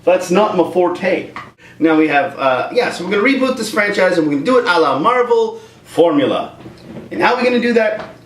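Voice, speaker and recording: A man rants through a movie review, joking as he goes. His voice sits a bit high and swings up and down with lots of energy. The sound is roomy and echoey, with the mic set a little away from him. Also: fairly quick, recorded from a distance. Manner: animated, joking rant. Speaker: YouTube comedian and reviewer.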